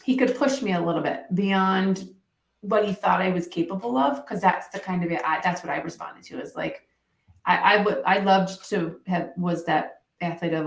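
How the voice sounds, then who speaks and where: A woman talking as a coach and interview guest, telling stories in a lively way and acting out quoted dialogue. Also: fairly low pitch, reverberant, far from the mic. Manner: animated storytelling, quick restarts, acts out quoted dialogue. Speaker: mental performance coach, guest. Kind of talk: casual interview conversation.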